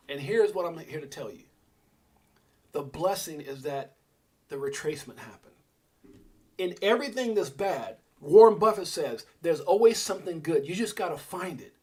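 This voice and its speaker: Middle-aged male livestream host, husky and higher-pitched, preachy and fired up, shouts out his chat. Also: expressive, moderate pace. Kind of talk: energetic motivational livestream rant.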